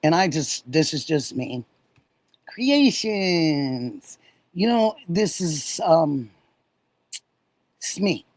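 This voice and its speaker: A middle-aged woman from Oregon chats slowly and warmly with her livestream audience. She drifts between thoughts and lights up when she reads their messages. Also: deep voice, big pitch swings, poor audio. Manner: warm, gushing, reads and answers chat messages. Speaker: livestream host. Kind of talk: casual livestream chat with viewers.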